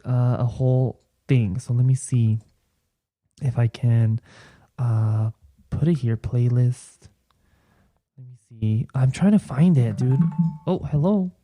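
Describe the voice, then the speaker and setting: Rambling young man, mellow dry voice. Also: mid-range voice, dry recording. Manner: rambling, filler-heavy, playful. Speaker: podcast host. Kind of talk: casual solo podcast chat.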